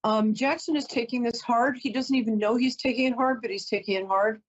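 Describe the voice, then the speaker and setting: A woman's voice: a little high, fairly even intonation, fairly quick, highs cut off. A woman giving a live call-in psychic reading, chatty and emotional, often breaking off to apologize. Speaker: psychic reader.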